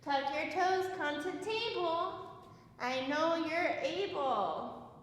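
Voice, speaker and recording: High-voiced playful kids yoga teacher. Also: female voice, lively intonation, takes it slowly. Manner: gentle, playful, sing-song cues. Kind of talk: guided kids yoga class. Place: yoga studio room. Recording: very echoey room with long reverb.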